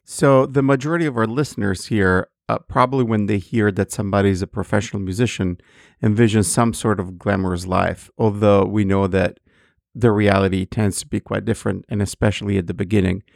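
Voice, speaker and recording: A man hosting a panel talk, asking a guest questions in a measured, formal way. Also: fairly low pitch, fairly even intonation, vocal fry, a little mellow, no room sound, clean studio sound. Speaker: host. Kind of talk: interview questions.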